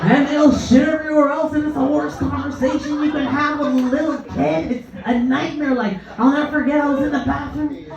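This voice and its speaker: A high-voiced woman doing stand-up, bouncing between her own voice and the characters in her stories. She sounds far from the mic in an echoey club, the sound a bit dull, with a crowd laughing loudly around her. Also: a little fast. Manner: animated, acts out her own and others' voices. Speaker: stand-up comedian. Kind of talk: stand-up comedy set. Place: comedy club stage. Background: audience laughter.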